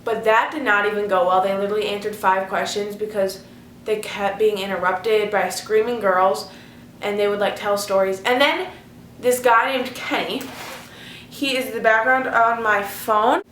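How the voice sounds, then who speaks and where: In an echoey room with slight background noise, a teen vlogger with a medium-pitched, somewhat bright voice tells a story at normal speed and fairly even intonation. Gushing and talkative, she uses "like" nonstop.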